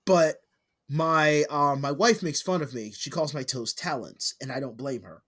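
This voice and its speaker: A man's voice: on the high side, normal speed, bright, forceful tone. A middle-aged man co-hosting a podcast, chatting casually, joking and swearing freely. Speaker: podcast co-host. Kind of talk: casual chat.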